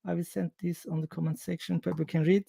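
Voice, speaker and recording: A man hosting a live online panel, speaking haltingly with many pauses and restarts. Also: fairly high pitch, little pitch movement, vocal fry, dark tone, slightly rough, dry recording, studio quality. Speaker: host.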